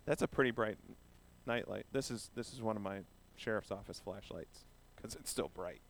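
A pastor delivers a children's message, keeping it playful and asking the kids questions as he goes. His voice is fairly low and his speed normal.

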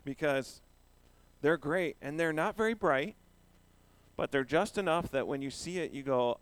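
A man's voice: on the high side, lively intonation, a little slow, pauses often, smooth, no room sound. A man giving a children's sermon, playful and asking the children questions as he talks. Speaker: pastor giving a children's message.

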